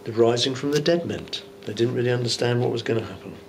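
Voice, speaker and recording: Bishop preaching in church: man, mid-pitched, chatty musing sermon, soft hiss underneath. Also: fast. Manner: conversational and musing, with rhetorical asides. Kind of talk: informal Bible teaching sermon.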